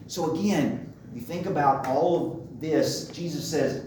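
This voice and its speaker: Emphatic preacher in an echoey hall. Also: male voice, mid-range voice, moderate pace, a little mellow, slight background noise. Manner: emphatic, repeats key phrases. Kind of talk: sermon. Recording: very echoey room, mic far off.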